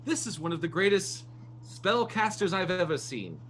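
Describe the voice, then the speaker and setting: A man performs an eager male crewman who speaks in an overly polite, wheedling manner, using a high voice raised above his natural one. The tone is fairly bright, the pitch swings widely, and the pace is moderate, with slight background noise.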